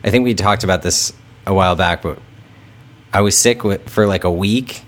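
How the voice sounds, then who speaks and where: Low-voiced dude co-hosting a podcast, loose fast chat, trips over his words. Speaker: podcast co-host. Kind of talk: casual chat.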